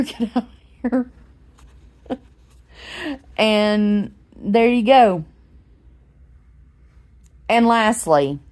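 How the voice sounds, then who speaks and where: Low, slow-talking woman in her forties. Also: gravelly. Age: 40s. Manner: rambling, chatty storytelling with many fillers. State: unwell, recovering from a head injury. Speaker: vlogger. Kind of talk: casual talking-to-camera vlog. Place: at home, sitting in a recliner.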